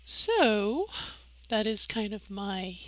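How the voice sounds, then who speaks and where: A woman's voice: mid-range voice, sing-song, drawn-out words, dry recording. A middle-aged woman talking through her voice training in a casual video diary, rambling and correcting herself as she goes. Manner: rambling, self-correcting, demonstrating her own voice. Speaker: vlogger.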